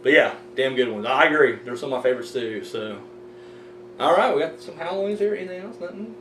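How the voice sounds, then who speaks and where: A man hosting a horror review show, talking loosely and rambling with plenty of fillers and swearing. His voice sits a bit high for a man. It comes through a distant mic in an echoey room with a faint hum behind. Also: fast. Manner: rambling, animated, swears casually, many fillers. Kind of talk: casual review chat.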